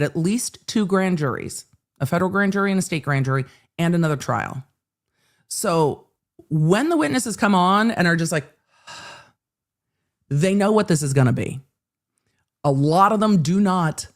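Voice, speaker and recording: A woman hosts a casual live legal commentary. She talks in a chatty, joking way and often makes asides to herself. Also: deep voice.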